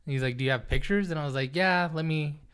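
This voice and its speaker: A man's voice: a little high, fast, fairly bright tone, clean tone. A young man co-hosting a podcast, telling stories in casual chat, laughing often and acting out what people said. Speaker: podcast co-host.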